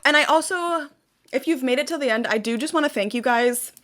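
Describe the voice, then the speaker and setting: Brisk and high-voiced with a somewhat bright tone, a young channel host delivers an emotional personal rant. She's blunt, swears frequently, and repeats phrases to drive her points home.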